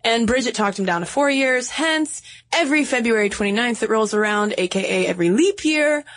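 A woman's voice: fairly high pitch, a little fast. A woman co-hosting a podcast in casual chat, playful and jokey. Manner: playful, jokey, animated storytelling. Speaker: podcast co-host.

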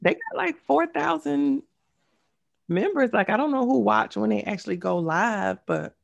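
A middle-aged woman co-hosts a podcast in casual chat, her voice heavy with gravelly fry. Her pitch swings in a lively way and she laughs easily. The recording sounds dull and lo-fi. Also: a little slow. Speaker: podcast co-host.

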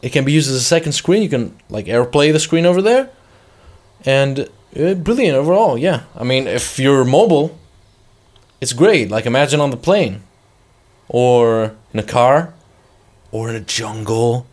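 A man chatting casually as co-host of a tech podcast. He rambles, makes jokes and often drops a sentence halfway to start another. His voice sits at an ordinary middle pitch. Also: animated, moderate pace, darkish tone. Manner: joking, rambling, trails off mid-sentence. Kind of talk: casual chat.

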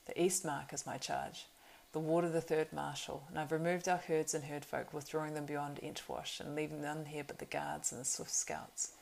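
A woman's voice: low voice, flat delivery, moderate pace, gravelly, few pauses, a little mellow, a little hiss or hum, poor audio. A woman voicing a proud young male horse-lord marshal in an audiobook reading, earnest and urgent.

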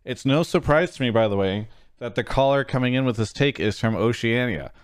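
A young man hosting a casual esports discussion, speaking in a measured way and choosing his words with care. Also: medium pitch, expressive, dry recording, clean studio sound. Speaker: host.

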